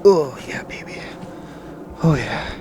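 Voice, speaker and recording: In a night forest, a jittery man mutters through a nervous first-person vlog, swearing and sighing frequently. He's a paranormal vlogger with a slightly high voice, slow pacing and lively intonation, recorded on a handheld camera mic as he walks. Faint forest noise and rattling can be heard around him.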